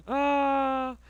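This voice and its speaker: A woman's voice: a little high, a bit bright, clear, resonant tone, no room sound, dull audio. A woman streaming live who chats casually, laughs often and reads viewers' messages aloud. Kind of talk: casual livestream chat.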